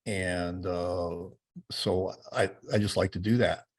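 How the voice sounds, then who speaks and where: A man hosting an interview, talking haltingly with many restarts. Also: sits low, steady tone. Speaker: host. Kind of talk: casual interview talk.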